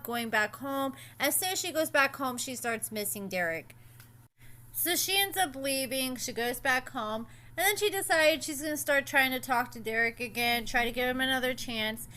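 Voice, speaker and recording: A woman's voice: high-pitched, sharp tone. A young woman casually recapping and commenting on a reality show, chatty and opinionated with sassy asides.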